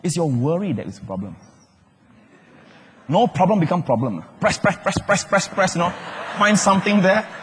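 A man with a Singaporean English accent preaching a sermon, animated and joking, often acting out other people's voices. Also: high-pitched, normal speed, long pauses, a little hiss or hum. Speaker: pastor. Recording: echoey hall with long reverb.

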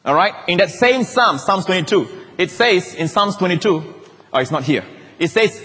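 Male preacher, higher-pitched, dramatic sermon delivery with loud peaks and soft lows; echoing church hall. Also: lively intonation, normal speed. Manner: emphatic preaching with swelling, dramatic peaks and hushed drops. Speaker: pastor. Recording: hall reverb.

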